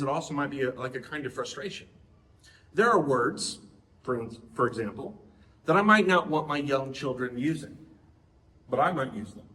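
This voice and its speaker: Middle-aged male preacher, conversational sermon, a bit high-pitched, roomy echo. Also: fairly bright tone. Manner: conversational, asks the audience questions.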